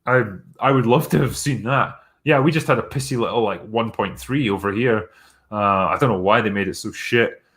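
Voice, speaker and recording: A man's voice: on the low side, moderate pace, a bit bright. A man hosting a live stream, chatting casually through viewer messages in a blunt, sarcastic way with plenty of swearing.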